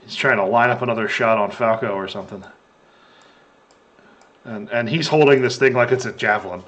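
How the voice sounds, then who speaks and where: Game master, man, relaxed chatty narrator, mid pitch. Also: fairly quick.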